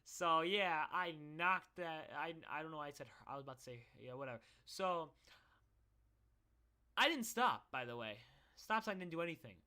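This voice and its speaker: A man's voice: a little high, lively intonation, moderate pace, sharp tone, clean tone. A young man telling a personal story in a casual, rambling way, swearing and restarting often. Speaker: vlogger.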